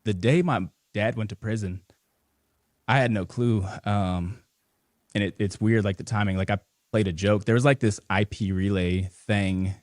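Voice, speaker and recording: A man's voice: fairly low pitch, steady tone, normal speed, dry recording, studio quality. A man speaking as a podcast guest in a casual interview, rambling loosely with lots of fillers and restarts. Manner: emotional, holding back tears. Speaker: podcast guest, business founder.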